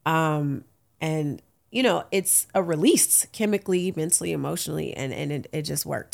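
A woman's voice: lowish voice, vocal fry. A woman in her late thirties hosting a casual solo podcast, candid and uplifting, laughing often, with African American Vernacular English. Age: late 30s. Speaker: podcast host.

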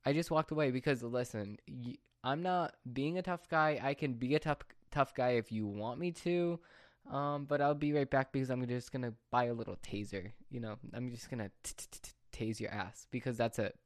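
A man's voice: medium pitch, normal speed, dry recording, studio quality. A teenage boy talking casually to his viewers in a rambling, repetitive, exasperated rant. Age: teens. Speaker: vlogger. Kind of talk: casual monologue to camera.

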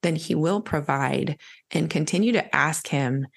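A woman's voice: low-pitched, unhurried, gravelly, slightly rough. A woman hosting a conversation about faith, speaking in an encouraging way. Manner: warm, encouraging, talks about God. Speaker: podcast host.

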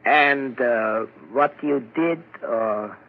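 A man playing a composed doctor at a mental ward, measured and explanatory, in 1940s radio acting. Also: mid-range voice. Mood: inquiring. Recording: dull old radio recording, faint hiss.

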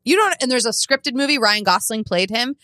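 Bubbly, lively woman podcast host. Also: on the high side, brisk, no echo, clean studio sound. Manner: bubbly, laughs often. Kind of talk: casual chat.

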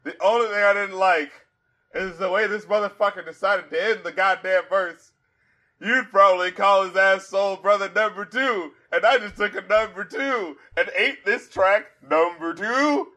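A man hosting a casual album review podcast, animated and profane, quoting lyrics aloud and laughing often. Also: high voice, normal speed.

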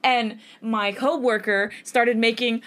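A woman's voice: fairly high pitch, steady tone, slow pace, a bit bright. A young woman co-hosting a podcast, chatting casually, gushing and laughing often, easily moved. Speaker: podcast co-host. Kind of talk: casual chat.

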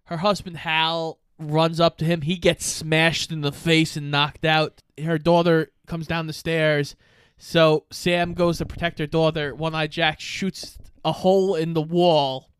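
A fairly high-pitched man walks through a film's plot in a casual podcast chat, animated and quick to swear. His voice is smooth and clear, and it sits in a dry, close-miked room. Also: no echo. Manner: energetic, swears freely while retelling scenes. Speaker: podcast co-host. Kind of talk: casual movie recap chat.

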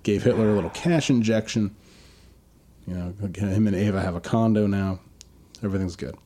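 A man's voice: lowish voice, moderate pace, mellow. A man co-hosting a podcast, riffing through absurd comedic bits in casual chat, with frequent ums. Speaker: podcast co-host.

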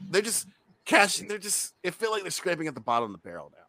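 A man's voice: sits high, quick pace, gravelly, no room sound. A man co-hosting a movie review show, talking casually and animatedly, swearing freely. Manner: animated, swearing, mocking voices in quotes. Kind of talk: casual chat.

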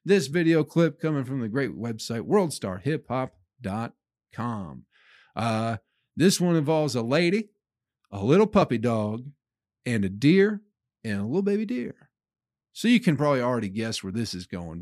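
Lively, swearing man ranting on a podcast. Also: mid-range voice, moderate pace, dry recording, clean studio sound. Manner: loose, swearing, rambling asides. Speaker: comedian podcast host. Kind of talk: casual profane comedic rant.

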